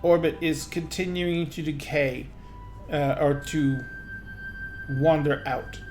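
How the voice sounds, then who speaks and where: A man's voice: on the high side, steady tone, slow, over music. A man voicing a deferential young male apprentice in a raised, youthful tone.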